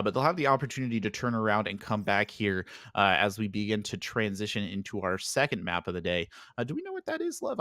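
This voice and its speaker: A man casting an esports match play-by-play, rising to excitement in fights and chatting easily between maps on a headset mic. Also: fairly low pitch, no room sound. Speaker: play-by-play caster. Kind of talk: esports commentary.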